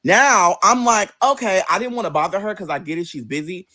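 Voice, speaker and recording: A vlogger tells a personal story in a fairly quick, animated monologue, swearing plenty and jumping into high, mocking voices for the people he quotes. His normal voice sits a bit high for a man. The sound is close and dry, with no room echo.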